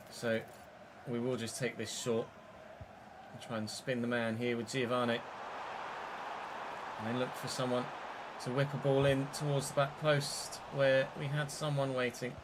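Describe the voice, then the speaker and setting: A young man giving live commentary over a football video game, calm at times, then swearing and shouting at the game in frustration. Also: mid-range voice, background noise. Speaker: gaming streamer.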